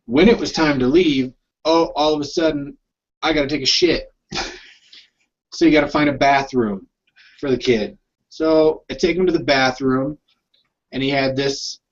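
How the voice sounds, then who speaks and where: A man's voice: mid-range voice, darkish tone. A man co-hosting a casual chat, telling wry parenting stories in a laid-back way. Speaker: podcast co-host and father. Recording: dull lo-fi live stream audio.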